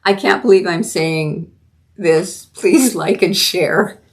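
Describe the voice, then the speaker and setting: Middle-aged woman from Canada, solo podcast host, lowish voice, earnest and emphatic commentary with restarts. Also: slow pace.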